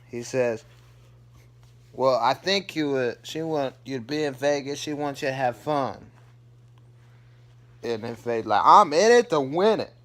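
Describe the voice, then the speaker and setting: A man casually recapping a TV episode as a vlogger, rambling with lots of fillers and restarts. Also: mid-range voice.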